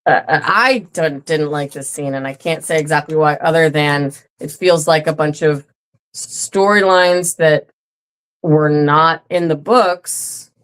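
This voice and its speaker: Low-voiced blunt woman podcaster. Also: a little slow, smooth. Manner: blunt, opinionated, swears freely. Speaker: podcast co-host. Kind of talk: casual recap chat.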